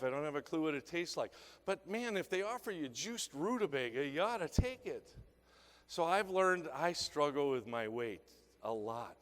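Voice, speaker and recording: Brief: male sales seminar speaker with a fairly high voice, punchy questions to the room, long hall reverb. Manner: punchy rhetorical questions to the audience. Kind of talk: motivational sales talk to an audience. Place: conference hall.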